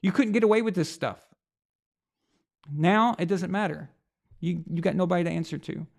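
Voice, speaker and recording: A man with a high-pitched, fry-tinged voice hosts a sports reaction show at a moderate pace. He delivers a blunt, heated rant packed with rhetorical questions and swearing, offering opinionated sports commentary.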